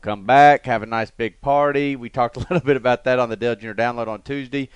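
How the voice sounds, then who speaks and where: A man hosting a podcast in casual, rambling chat with the odd laugh. His voice is smooth and clear at a middle pitch. The sound is dry and close, recorded in a studio. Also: steady tone, fast, no room sound. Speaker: podcast host. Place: radio studio.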